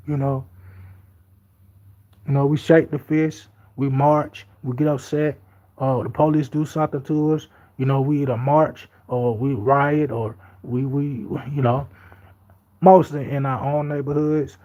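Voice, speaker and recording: A man gives a casual Bible teaching at a middle pitch. He moves between reading scripture and emphatic, repetitive commentary in everyday speech. The audio is slightly dull and lo-fi. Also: steady tone, unhurried, mellow. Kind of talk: informal Bible study talk.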